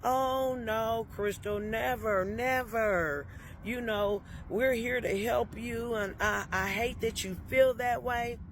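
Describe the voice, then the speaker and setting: A woman's voice: a little high, slow, slight background noise, pitched above the performer's own voice. A woman quoting a placating female nurse in a sweet, reassuring voice.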